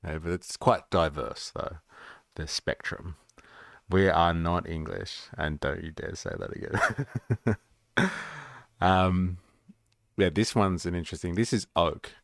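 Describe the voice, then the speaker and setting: A man's voice: sits low, takes it slowly, vocal fry, pauses often, dry recording, studio quality. A man hosting a livestream, chatting and joking casually about clips he plays. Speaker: livestream host.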